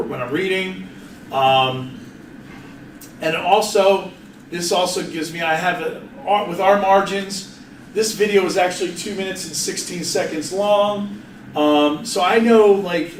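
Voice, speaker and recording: Man, high voice, live workshop presenter, chatty, jokey, restarts a lot, distant mic, echoey room, faint ambience. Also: a little hiss or hum. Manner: casual, chatty, self-interrupting with frequent restarts; jokey, laughs often. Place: meeting room at an office.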